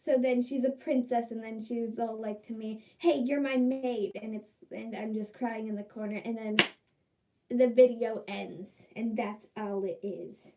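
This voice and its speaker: A woman's voice: a little high, steady tone, normal speed, warm tone, a little hiss or hum, rough recording. A young woman chatting casually in a vlog, rambling and exasperated with lots of fillers. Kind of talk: casual vlog chat while dyeing hair.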